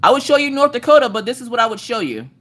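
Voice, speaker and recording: Lively, bright-voiced woman livestream host. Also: on the high side, very fast. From eastern United States countryside. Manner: animated, sassy, talks straight to viewers. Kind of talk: casual live chat.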